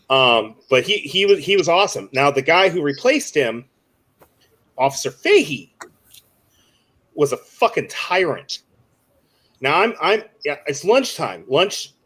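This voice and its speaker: A young man on a discussion panel, telling a story in a casual, animated way with a lot of swearing. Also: fairly high pitch. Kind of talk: casual chat.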